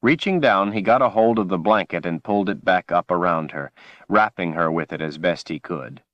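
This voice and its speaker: A man reads a fantasy audiobook in a measured, dramatic style. His voice is very deep and sits close to the microphone. The sound is dry, with no room echo at all. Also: lo-fi sound. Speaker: audiobook narrator. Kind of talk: audiobook narration.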